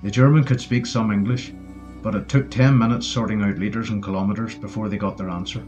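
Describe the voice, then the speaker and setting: A man narrating a wartime adventure audiobook in a steady storytelling voice. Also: lowish voice, a little fast. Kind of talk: scripted narration. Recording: dull lo-fi with faint music.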